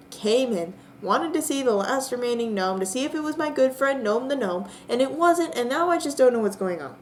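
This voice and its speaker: A young woman narrating a text adventure game with bemused, drawn-out comic disbelief. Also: on the high side, lively intonation, a little hiss or hum. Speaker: player and narrator.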